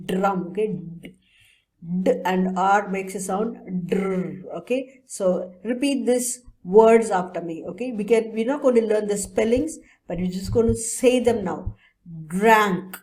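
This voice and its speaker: A woman teaching young children English, drilling sounds and words slowly and often checking with tag questions. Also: mid-range voice, mellow.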